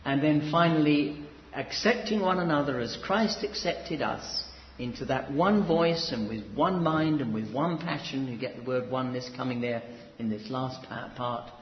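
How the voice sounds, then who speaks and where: A man preaching an expository Bible teaching in a measured, explanatory way, leaning on emphatic repetition. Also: medium pitch. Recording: echoey, dull hall recording with faint background noise.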